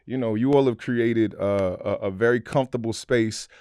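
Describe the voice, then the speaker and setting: A male comedian guest in a casual interview, telling energetic stories and often adding "you know what I'm saying.". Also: mid-range voice, moderate pace, clear, resonant tone, no echo, studio quality.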